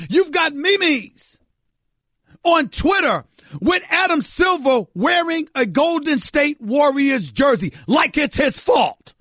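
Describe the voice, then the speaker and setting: A man's voice: extremely high pitch, very animated, takes it slowly, pushed and bright, dry recording, studio quality. A man hosting a sports talk radio show, delivering an emphatic, exasperated monologue that repeats phrases for effect. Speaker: radio host.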